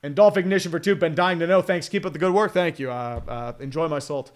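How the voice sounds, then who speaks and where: A high-pitched man in his thirties calls the game play by play as a fan streamer, swearing freely. He sounds exasperated and slips into sarcasm between plays. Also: animated, fairly quick, fairly bright tone. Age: 30s. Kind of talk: live fan play-by-play commentary.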